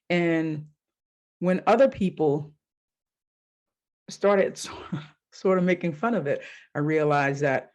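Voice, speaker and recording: A woman's voice: on the low side, darkish tone. A woman coach hosts her podcast alone and talks straight to the listener. She tells her stories in a loose, candid way, with a swear word here and there. Now and then she acts out her own inner voices. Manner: casual and candid, with mild swearing. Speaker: life coach and podcast host. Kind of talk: solo podcast monologue.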